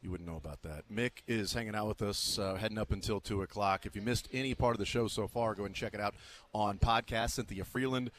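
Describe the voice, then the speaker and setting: Wry low-voiced sports radio host. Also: male voice, fairly bright tone. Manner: wry, joking, quick asides. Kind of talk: live sports radio chat. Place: remote broadcast at an arena media day.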